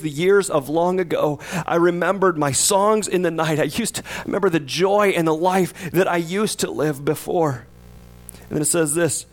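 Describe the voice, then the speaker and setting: A male pastor delivers a sermon in a conversational way, with a voice pitched a little high for a man. He keeps turning to his listeners with questions. When he voices the psalmist, his words build in intensity. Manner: conversational, asks the congregation questions; acts out the psalmist's voice with rising intensity.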